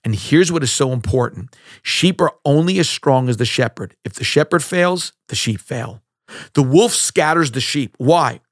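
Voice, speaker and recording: Male pastor, mid-pitched voice, measured emphatic sermon delivery, dry close sound. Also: lively intonation, no echo. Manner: measured, emphatic preaching with rhetorical questions.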